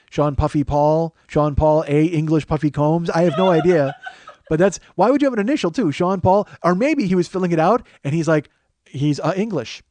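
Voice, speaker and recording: A man's voice: a little high, darkish tone, slight background noise. Rambling crude male podcast host. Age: 40s. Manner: rambling, self-mocking, crude. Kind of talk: casual comedy podcast chat.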